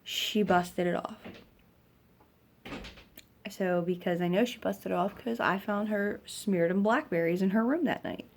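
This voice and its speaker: A woman's voice: medium pitch, a little slow, pauses often, a little hiss or hum. A young woman venting about a hard weekend as a mother, rambling and frustrated, with lots of fillers and a weary, stressed edge. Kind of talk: casual venting vlog.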